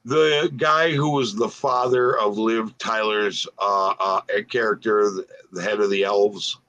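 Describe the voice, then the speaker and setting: A man co-hosting a casual livestream, chatty and emphatic with quick opinions. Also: lowish voice, steady tone, fairly bright tone. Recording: dull lo-fi audio.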